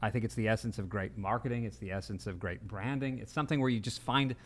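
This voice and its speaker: A man's voice: fairly low pitch, quick pace. A man co-hosting a casual podcast, making earnest, reflective points. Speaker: podcast co-host. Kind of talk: casual panel chat.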